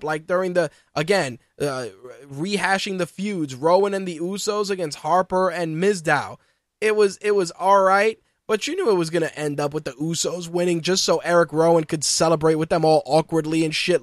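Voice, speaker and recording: A man co-hosting a casual wrestling podcast, talking in an animated, profane way and mocking what he quotes. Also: high-pitched, no echo, clean studio sound. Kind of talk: casual chat.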